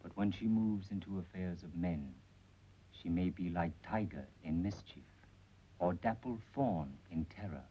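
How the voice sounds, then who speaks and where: An actor playing a watchful male agent who speaks stilted, broken English in formal proverbs, calm and sly, in 1930s film acting. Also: low voice, unhurried, slightly rough, low-quality recording.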